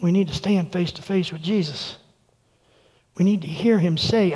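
A man pastor preaching a sermon with earnest delivery, going quiet and soft when quoting. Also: high-pitched, normal speed. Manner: earnest preaching, dropping soft for quoted words. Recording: long reverb of a large room.

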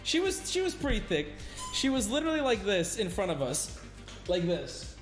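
A young man tells a rowdy story in casual chat, swearing and giggling as he goes. His voice sits fairly high and leaps around a lot. Faint music plays beneath him. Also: moderate pace. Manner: animated, swears often, giggles, jumps into high-pitched shouts. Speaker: streamer. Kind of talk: casual storytelling while reacting to clips.

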